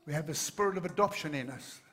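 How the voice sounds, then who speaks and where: A man's voice: fairly high pitch, quick pace, fairly bright tone, slightly rough. A man preaching a sermon to his congregation, earnest and building to fervent emphasis. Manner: addresses the congregation directly. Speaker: pastor.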